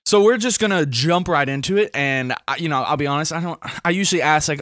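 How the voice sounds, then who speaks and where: A young man from Alabama, hosting a casual podcast and reading riddles in a playful, drawn-out way. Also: on the high side, fairly bright tone, no echo, clean studio sound. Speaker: podcast host.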